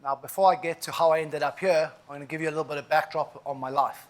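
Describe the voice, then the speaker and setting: A man's voice: fairly high pitch, fairly even intonation, fast. South African man telling his story on stage. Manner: vivid, emphatic storytelling with frequent asides. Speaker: keynote speaker. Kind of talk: inspirational keynote storytelling.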